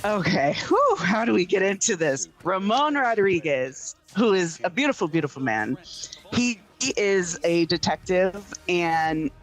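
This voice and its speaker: A woman film critic reviewing a series in casual chat, animated and laughing, with plenty of fillers. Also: fairly low pitch, a little slow.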